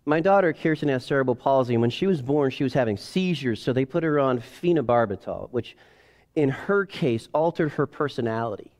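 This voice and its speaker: A man in his forties preaching a sermon in a casual, animated way, acting out family scenes. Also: medium pitch, brisk. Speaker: pastor. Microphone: headset or lapel mic.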